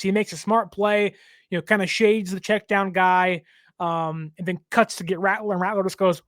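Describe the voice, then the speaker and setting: A man hosting a team show, giving a casual, jokey, animated breakdown of a football game. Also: high voice, unhurried, dry recording, clean studio sound. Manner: animated, jokey, lots of fillers. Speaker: team podcast host.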